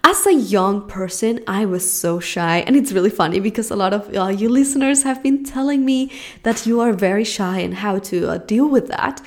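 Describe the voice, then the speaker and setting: A woman's voice: medium pitch, moderate pace, darkish tone. A young woman with a non-American accent, hosting a solo podcast and talking earnestly and encouragingly to listeners. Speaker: podcast host and acting coach. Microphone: podcast mic.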